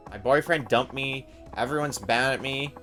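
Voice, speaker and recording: A man's voice: medium pitch, normal speed, bright, forceful tone, soft background music, lightly acted. A man reading the lines of an anxious, clingy young woman in a game, in a fretful, pleading way.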